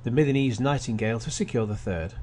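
Chatty radio host. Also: male voice, mid-range voice, fast talker, a little mellow, a little hiss or hum. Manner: chatty, wry asides, frequent restarts. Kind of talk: casual radio film review.

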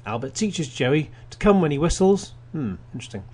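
A man's voice: on the high side, very animated, a little fast, a little mellow, husky. A man hosting a radio film show, reading plot summaries with wry asides and frequent restarts. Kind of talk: casual radio film review.

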